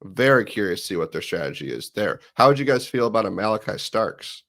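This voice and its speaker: A man talks football casually in a fairly low voice. He spins long, joking hypotheticals in a playful way. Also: big pitch swings, a little fast, fairly bright tone. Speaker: sports podcaster. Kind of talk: casual sports chat.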